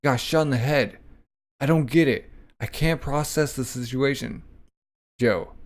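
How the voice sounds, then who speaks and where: A man's voice: mid-range voice, measured pace. A man casually reading a comic aloud, voicing sound effects and reacting with a lot of "like".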